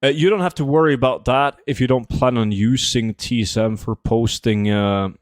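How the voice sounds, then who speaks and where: A young man in his twenties talks casually on a livestream, answering chat while he plays. His voice sits at an ordinary middle pitch. The sound is dry and close to the mic. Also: steady tone, normal speed, no echo. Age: 20s. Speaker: streamer.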